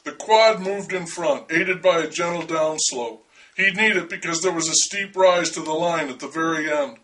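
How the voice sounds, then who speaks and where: A man's voice: fairly high pitch, moderate pace, fairly bright tone, slight background noise. Give me a man reading a dry, wry first-person story, heard from a distance. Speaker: narrator.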